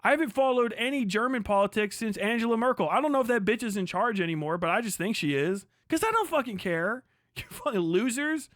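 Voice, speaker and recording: A man's voice: high-pitched, animated, a little fast, a bit bright, no room sound, clean studio sound. A young man from Kentucky, ranting crudely and mockingly on a livestream, often breaking into laughter. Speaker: streamer. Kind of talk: profane political rant on a livestream.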